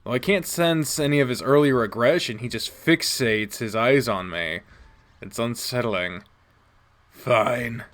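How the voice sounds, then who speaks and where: Young guy narrating a visual novel lets play, reacts loud and swears a lot. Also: mid-range voice, moderate pace. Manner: animated, swearing, laughs at names. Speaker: let's play host.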